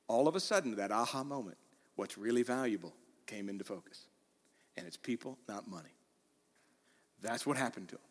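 A man preaching a sermon in a church, animated, acting out the quoted lines with rising intensity. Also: medium pitch, normal speed, pauses often, in a large hall. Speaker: pastor.

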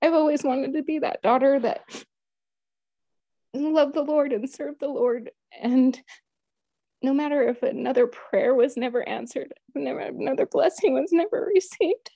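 Woman, 30s, earnest personal storyteller; mellow tone, dry close sound. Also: sits high, gravelly, dry recording. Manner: earnest and heartfelt, quoting her own prayers. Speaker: guest sharing a personal story.

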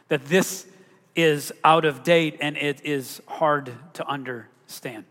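A man's voice: a little high, fairly bright tone, in a large hall. A man preaching a sermon to a congregation, talking through scripture in a conversational way and asking the listeners rhetorical questions. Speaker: pastor.

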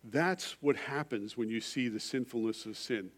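Preaching a sermon, a middle-aged pastor recounts a personal story, moving from loud emphasis to a quiet, confessional hush. He speaks in a mid-range voice at a moderate pace.

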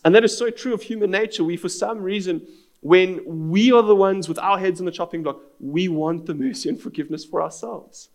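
A pastor delivers his sermon with an earnest, storytelling drive. His voice sits a little high for a man and carries a gravelly, fry-edged texture. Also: brisk.

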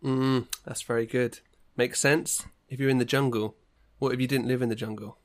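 Male co-host, mid pitch, relaxed, teasing questions. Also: normal speed. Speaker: podcast co-host. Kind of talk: casual chat.

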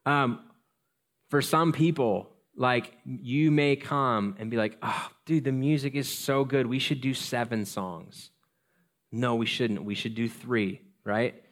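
A male pastor delivering a sermon in a relaxed, chatty voice. He wanders into personal anecdotes and jokes at his own expense, with an ordinary mid-range pitch. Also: slow. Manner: conversational, self-deprecating, animated storytelling.

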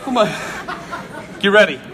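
Against crowd noise and a noisy background, a high-voiced man speaks at normal speed. Preaching with lots of energy, he laughs through a funny story in an animated, humorous sermon.

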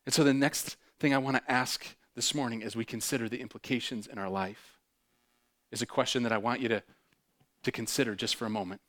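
Preaching at a medium pitch with a steady tone and a brisk pace, this male pastor shifts from hushed, intimate moments to loud, fervent bursts. He leans on repeated phrases for emphasis.

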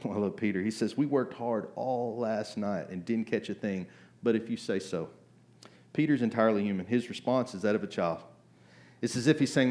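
A man preaching a sermon in a conversational way, acting out voices and asking "right?" often, climbing to loud emphatic bursts. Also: on the low side, a little fast. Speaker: pastor.

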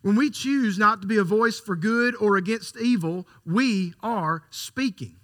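A man preaching a sermon, emphatic, repeating key lines for stress and swinging from quiet to loud. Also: high-pitched, a little slow.

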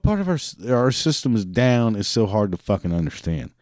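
A man's voice: fairly low pitch, very animated, a little fast, hardly any pauses, darkish tone, dry recording, studio quality. A man who works a parts counter, ranting profanely about customer service calls and mimicking the callers. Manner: drinks beer while talking. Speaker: parts department worker. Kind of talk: ranting monologue.

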